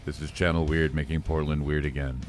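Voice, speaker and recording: Deep-voiced male talk show host. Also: little pitch movement, fairly quick, faint music behind. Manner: storytelling, theatrical. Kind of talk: casual interview chat.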